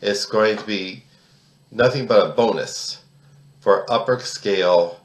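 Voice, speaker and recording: A man's voice: lowish voice, slow, reverberant. A man of about sixty, from the United States, giving political commentary in an emphatic, indignant way, often repeating words and restarting his sentences. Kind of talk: solo commentary to camera.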